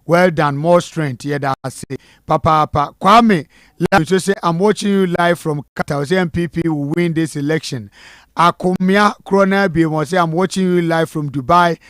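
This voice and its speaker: Host voice: Ghanaian man, slightly high, dry studio sound, reads viewer shout-outs briskly. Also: no room sound. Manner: reads out names and messages, mixing Twi and English. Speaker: host reading viewer comments. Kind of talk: live election-night studio talk.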